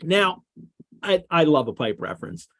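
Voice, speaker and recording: A man's voice: fairly high pitch, big pitch swings, normal speed, fairly bright tone, dry recording. A man hosting a casual discussion of a classic novel, rambling with many restarts. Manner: rambling, lots of restarts and fillers. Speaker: podcast host.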